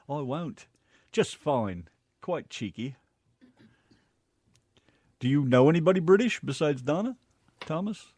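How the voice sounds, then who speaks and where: A man's voice: a little high, sing-song, measured pace, long pauses, darkish tone, breathy edge. An American man co-hosting a casual chat show, joking playfully and chuckling. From United States. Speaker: co-host.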